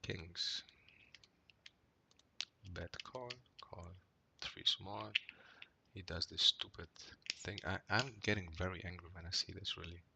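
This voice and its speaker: Low gravelly man rambling through poker hands. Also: steady tone, slow pace, long pauses, pushed and bright, slight background noise. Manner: rambling, frequent "right?" tags and fillers; gets worked up and swears when annoyed. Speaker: poker player reviewing his hands. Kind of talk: casual commentary over gameplay.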